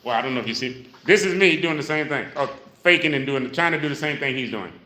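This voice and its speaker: Bright echoey fitness coach, man. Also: mid-range voice, lively intonation, fast talker. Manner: coaching, counts reps, frequent "okay?" check-ins; demonstrating moves while talking, energy rises when explaining. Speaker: senior fitness instructor. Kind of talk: live exercise class instruction. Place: exercise room with a class. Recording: very echoey room, voice from far off.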